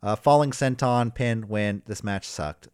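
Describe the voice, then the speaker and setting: Smooth and unhurried, this man's voice comes through as a dry, studio-quality recording. On his wrestling podcast he recaps matches loosely and animatedly, cursing, cracking jokes, and imitating wrestlers with high-pitched shouts.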